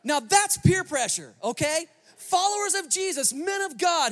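High-voiced male pastor telling a story. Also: moderate pace, hardly any pauses. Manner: lively storyteller, joking asides to the congregation. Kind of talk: sermon with storytelling. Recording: long reverb of a large hall.

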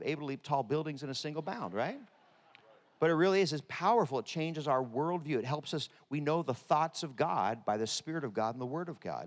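A man preaching a sermon in a humorous way, with deadpan jokes and lively asides. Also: mid-range voice. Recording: long reverb of a large hall.

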